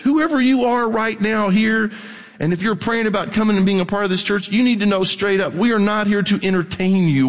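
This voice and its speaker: High-voiced preacher man in a reverberant hall. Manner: animated, rising to near-shouting at peaks. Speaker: pastor. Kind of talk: sermon.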